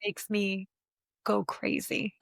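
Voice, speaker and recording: A woman with a Philadelphia accent, co-hosting a casual chat and telling animated stories in which she acts out the quotes. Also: medium pitch, takes it slowly, creaky, no room sound. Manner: animated storyteller, acts out quotes, laughs often. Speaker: co-host. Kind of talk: casual chat over drinks.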